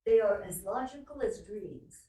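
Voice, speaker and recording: A woman testifying as a witness under cross-examination in a courtroom, speaking haltingly and searching for words. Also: mid-range voice, expressive, dark tone. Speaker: trial witness. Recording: distant, echoey courtroom audio.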